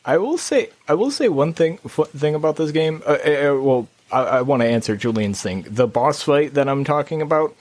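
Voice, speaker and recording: A man co-hosting a gaming podcast, telling a rambling story in casual chat with lots of restarts and sudden jumps in pitch. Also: animated, moderate pace, hardly any pauses, a little mellow. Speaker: podcast co-host. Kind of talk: casual chat about video games.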